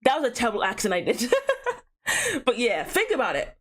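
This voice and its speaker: Brief: young female let's-play host, high-pitched and swooping, jokey and repetitive. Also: fairly quick. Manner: playful, animated, given to repeating herself. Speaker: gaming streamer. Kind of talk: casual let's-play commentary.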